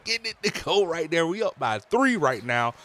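An excitable man calls his own game in hype-filled slang. His high voice swings widely in pitch and has a bright, sharp edge. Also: normal speed, faint music behind. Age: adult, a parent. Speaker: gaming YouTuber. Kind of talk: let's play commentary.

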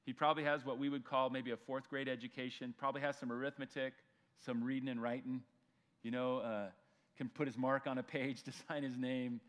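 Guy pastor giving a sunday bible teaching, relaxed and chatty, does little voices for the characters. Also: medium pitch, fairly quick. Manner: conversational, acts out voices of people in the story. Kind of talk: sermon.

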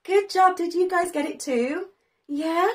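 A woman's voice: very high-pitched, unhurried. A woman hosting a children's learning video as a preschool teacher, talking in a sing-song way with dramatic gasps and plenty of praise.

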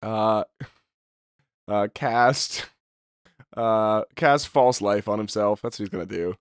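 A man's voice: lowish voice, takes it slowly, smooth, no room sound, studio quality. A man playing a tabletop game, telling a long bawdy joke in character and laughing. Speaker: player.

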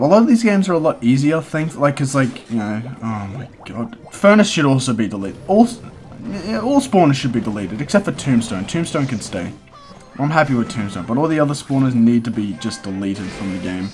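A young man giving casual live commentary on a mobile strategy game as he plays, talking to himself and breaking into frustrated outbursts. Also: medium pitch. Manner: talks to himself while playing, quick swings into frustrated outbursts. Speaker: gaming content creator.

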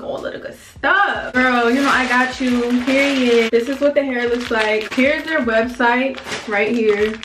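A woman vlogging a hair tutorial in casual, excitable talk to camera, slangy and swearing freely. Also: a little high. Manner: excitable, animated, slangy and profane. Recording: echoey room with faint music.

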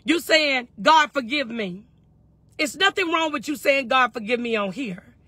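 A woman's voice: high voice, animated, unhurried, sharp tone, husky, dry recording. A woman fervently on a phone live stream from her parked truck, answering viewers' comments in call-and-response. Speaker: faith and wellness livestream host.

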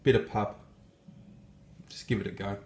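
A man with a slightly low-pitched voice talks through a home-cooked vegan meal. His delivery is casual and enthusiastic, full of loose asides. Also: steady tone, normal speed, darkish tone, slight background noise. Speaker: vegan food vlogger.

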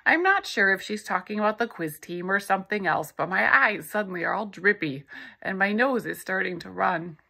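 A woman reading a novel aloud in the first person, in a steady storytelling manner. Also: mid-range voice, normal speed, creaky, breathy edge, low-quality recording. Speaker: audiobook narrator.

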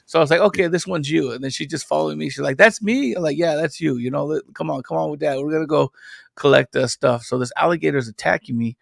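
On a podcast, this indie comic creator and father speaks fast in a slightly high, gravelly voice with a steady tone. He's a loose, conversational rambler spinning long stories in a casual chat, recorded dry at studio quality.

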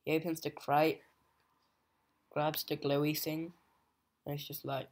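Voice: mid-range voice, steady tone, unhurried, pauses often. A young adult comic book reviewer giving a casual, hesitant plot recap full of fillers. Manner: hesitant, many fillers and "just like".

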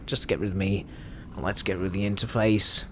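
A man's voice: deep voice, steady tone, fairly quick, a bit bright, a little hiss or hum. A man with an Australian accent giving chatty, jokey commentary over his own gameplay. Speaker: gameplay video host.

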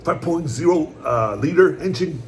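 A man in a casual home eating vlog, rambling along in a relaxed, repetitive way as he talks to his viewers. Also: fairly high pitch, moderate pace, slight background noise. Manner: laid-back, rambling, repeats "my brothers" and "puppy". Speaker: mukbang vlogger. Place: at home, indoors.

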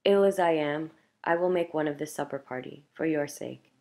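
A woman reading the part of a troubled, frightened village priest who speaks abruptly and haltingly. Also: low voice, darkish tone.

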